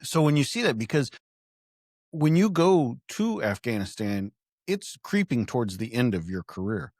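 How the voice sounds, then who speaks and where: A man's voice: medium pitch, big pitch swings, normal speed, a little mellow, no room sound, studio quality. A man hosting a podcast interview, asking reflective questions. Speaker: podcast host.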